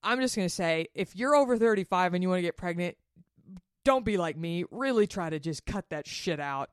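A woman hosting a solo podcast, talking candidly and animatedly, swearing freely and jumping up high in pitch when she gets worked up. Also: no echo, studio quality. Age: 30s. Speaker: podcast host. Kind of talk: casual solo podcast monologue.

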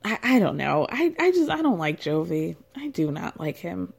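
A woman's voice: lowish voice, big pitch swings, normal speed, gravelly, husky. A woman recapping a reality show in a casual, gossipy, chatty way, laughing often.

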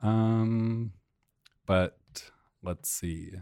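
A man's voice: lowish voice, steady tone, drawn-out words, creaky, warm tone, smooth, no room sound, studio quality. A man in his thirties co-hosting a podcast, chatting casually and reading out a news story with amused asides. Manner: amused, rambling, reads out news stories. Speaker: podcast co-host. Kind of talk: casual chat.

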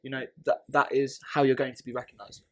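Guy on a chatty podcast, middle pitch, keeps restarting and asking right?. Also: flat delivery, quick pace, a bit bright. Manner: thinks aloud, repeats words, asks "right?". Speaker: podcast co-host. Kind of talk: casual chat.

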